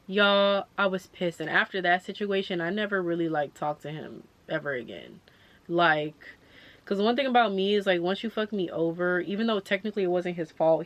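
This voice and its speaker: Animated young woman telling a storytime. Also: on the low side. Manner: animated, swearing, quotes others in her own voice. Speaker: vlogger. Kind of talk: storytime vlog.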